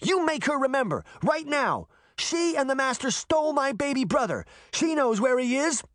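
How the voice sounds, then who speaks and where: Fierce young girl played by a man, urgent, demanding, high voice, storybook. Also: very animated, moderate pace, dry recording, studio quality, natural voice. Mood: angry.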